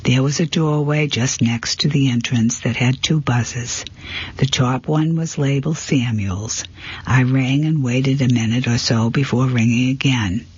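Husky man narrating a mystery. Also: mid-range voice, steady tone, measured pace, darkish tone, no room sound. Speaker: audiobook narrator. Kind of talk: first-person mystery narration. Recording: dull, lo-fi, dry.

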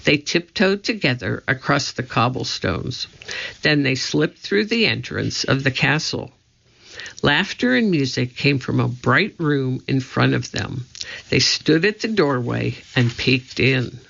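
A man reading a children's story aloud in a steady, scripted narration. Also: medium pitch, a little slow, gravelly. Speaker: audiobook narrator. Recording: slightly dull lo-fi audio.

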